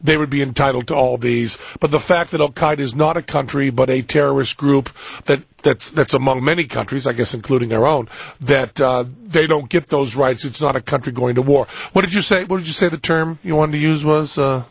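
A man's voice: medium pitch, a little fast, gravelly, breathy edge, dry recording, highs cut off. A man hosting a radio talk show, joking and rambling with frequent restarts.

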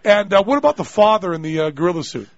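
A man hosting a call-in radio show, joking and telling stories in an animated, exaggerated way. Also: high voice, fast, no echo, highs cut off.

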